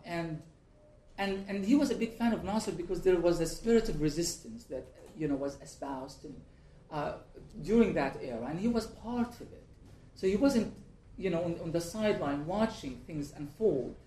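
A man, the author and guest, reads from his book in a measured, deliberate way and answers questions in halting speech with many restarts. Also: on the high side, lively intonation, warm tone, a little hiss or hum. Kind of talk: reading aloud from his book, then interview answers. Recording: echoey room.

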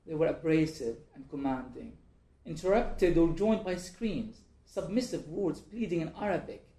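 A man with a slightly high, mellow voice. He reads from his book slowly and with care, and when he answers questions he stumbles and restarts. The sound is echoey, like a bare room. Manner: measured, deliberate reading; halting, repetitive speech when answering. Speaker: author and guest. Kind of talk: reading aloud from his book, then interview answers.

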